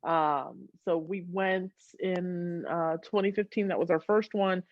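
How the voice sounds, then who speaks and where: A woman telling a story on a casual video call, animated and giggly as she talks. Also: on the low side, slow, dry recording. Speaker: podcast fan guest. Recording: dull, dry video call audio.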